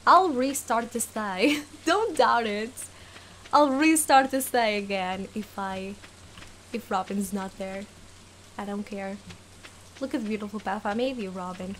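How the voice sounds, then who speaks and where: Doing a let's play, this young woman chats casually over her gameplay, frequently giggling and addressing the characters with playful exasperation. Her voice is a little high. Slight background noise can be heard.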